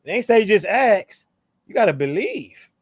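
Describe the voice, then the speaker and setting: A man talks through scripture in a loose, animated, slangy way. His voice sits a little high. The sound is dry and close, with no room echo. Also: measured pace, slightly rough. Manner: animated, slangy, playful tones when quoting. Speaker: co-host of a scripture show. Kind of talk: casual religious discussion.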